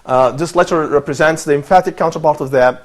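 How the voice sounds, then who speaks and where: Guy teaching arabic letters on tv, patient, kinda high voice, keeps saying can you see that. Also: fast talker. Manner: patient, encouraging, repeats phrases. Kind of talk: teaching a lesson with a student.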